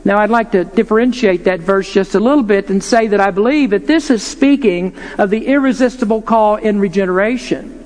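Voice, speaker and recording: A man's voice: high voice, brisk, few pauses, darkish tone. A man preaching an earnest, emphatic sermon, posing rhetorical questions to his listeners. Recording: long hall reverb.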